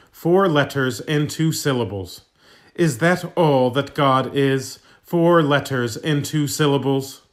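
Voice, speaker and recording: A man reading an old sermon text aloud in a measured, solemn delivery. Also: fairly high pitch, a bit bright. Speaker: reader.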